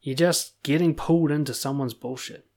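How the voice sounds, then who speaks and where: A man, a confidence coach giving a blunt motivational monologue, swearing freely and pushing points with animated emphasis. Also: a little high, normal speed.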